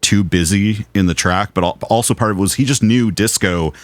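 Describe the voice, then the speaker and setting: A man co-hosting a podcast, telling anecdotes in an animated, casual way with some swearing. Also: on the low side, a little fast, dry recording. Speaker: podcast co-host. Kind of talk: casual film chat.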